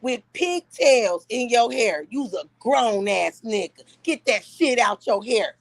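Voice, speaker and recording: A woman's voice: a little high, animated, slow pace, vocal fry, dry recording. A woman live streamer ranting and taunting in brash, profane trash talk.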